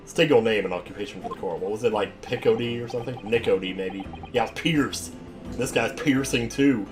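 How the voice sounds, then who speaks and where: A man's voice: on the low side, expressive, a little fast, a little mellow. A young man giving casual, joking commentary while playing a courtroom video game, with faint game music behind. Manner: joking, offhand asides. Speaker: let's play commentator.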